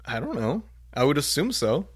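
A young man co-hosting a casual podcast. He speaks in a relaxed, understated way and delivers his jokes dryly. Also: fairly high pitch, normal speed, slightly rough. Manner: dry, understated, laid-back. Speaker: podcast co-host.

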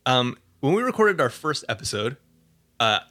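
A man hosting a casual podcast chat, easygoing and quick with his asides. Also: medium pitch, very animated, sharp tone. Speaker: podcast host.

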